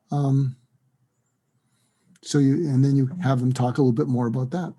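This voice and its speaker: Older man, psychiatrist guest, husky, mellow, animated storyteller. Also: medium pitch, brisk, pauses often. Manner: animated, acts out dialogue in quoted voices. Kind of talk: interview advice talk.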